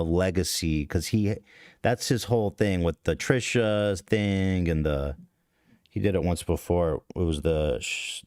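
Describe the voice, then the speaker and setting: A man with a low, deep voice tells a confessional story on a podcast. He rambles, swears freely and cuts himself off mid-sentence. The sound is close and dry. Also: a little mellow, smooth, no echo. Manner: rambling, profane, self-interrupting. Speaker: podcast host.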